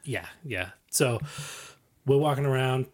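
A man's voice: medium pitch, a little slow, crowd noise. A man telling a rambling story in a casual chat, swearing and laughing as he goes.

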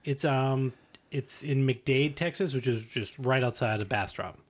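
A man's voice: medium pitch, a little slow. Man, casual chat, rambling, swearing, laughing storyteller. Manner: rambling, swearing, laughs while telling stories.

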